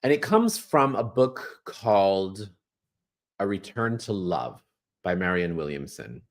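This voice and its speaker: A man hosting a spiritual astrology talk, repeating phrases like a mantra and slowing to a soft pace when he guides the breathing. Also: low-pitched, very animated. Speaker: astrology host.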